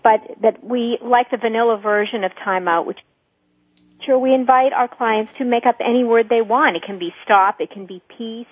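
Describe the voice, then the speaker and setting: A woman with a slightly high, breathy voice explains couples' communication, acting out little examples as she goes. She sounds dry and narrow, as if heard over a phone line. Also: moderate pace, dry recording. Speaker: couples therapist. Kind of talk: radio talk.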